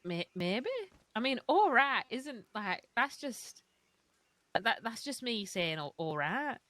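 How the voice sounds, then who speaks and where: A woman's voice: a little high, big pitch swings, takes it slowly, a bit bright, no echo. A woman from northern England with a Northern English accent, chatting in a wry, bemused way during a roleplay. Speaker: roleplay character. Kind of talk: in-character roleplay chat.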